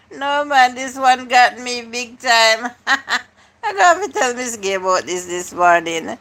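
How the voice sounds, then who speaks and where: A woman's voice: fairly high pitch, very slow, pauses often, sharp tone. A woman hosting a live stream, chatting casually and answering her viewers' comments one by one.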